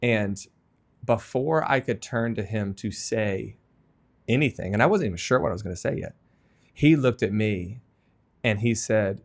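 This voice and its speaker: Earnest storytelling man, low voice. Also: moderate pace, gravelly. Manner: earnest, animated storytelling with laughs. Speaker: guest author. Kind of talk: conversational podcast interview.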